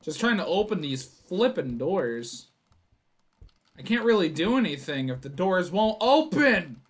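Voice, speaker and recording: A young man playing a horror game for his channel, reading the notes aloud, swearing and yelling when startled. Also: high voice, sing-song, a little slow. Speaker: gaming YouTuber. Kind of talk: horror game let's play commentary.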